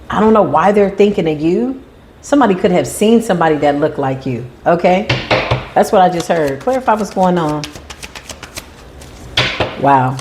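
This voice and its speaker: A woman with a slightly low-pitched voice talks through a tarot spread. Her delivery is animated and emphatic, and she slips into quoted voices to act people out. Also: background noise. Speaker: tarot reader. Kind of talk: tarot reading monologue.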